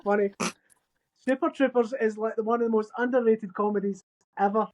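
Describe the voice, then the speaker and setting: A woman's voice: a little high, normal speed. A woman co-hosting a casual movie podcast chat, telling funny stories and acting out the quotes. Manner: animated storyteller, acts out quotes. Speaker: podcast co-host.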